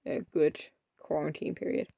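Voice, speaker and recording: Mumbly, gravelly young woman rambling. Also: deep voice, steady tone, normal speed, warm tone, dry recording. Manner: rambling, self-deprecating, often trails off into mumbles. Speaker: vlogger. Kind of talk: rambling casual vlog chat while playing a game.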